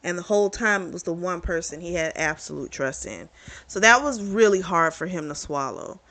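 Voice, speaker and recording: A woman's voice: lowish voice, expressive, moderate pace, pushed and bright. A woman casually recapping a romance novel's plot as a book reviewer, chatty and candid, with free swearing.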